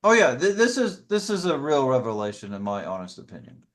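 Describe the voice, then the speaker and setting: A man leading a casual scripture study discussion, explaining in a halting, self-correcting way. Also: medium pitch, huge pitch swings.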